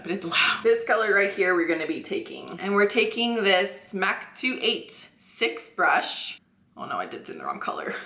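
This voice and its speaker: A woman's voice: mid-range voice, pushed and bright, echoey room. A woman chatting casually through a makeup tutorial at home, rambling with asides and laughing often. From Canada. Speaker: beauty vlogger. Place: home, indoors. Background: thunderstorm outside.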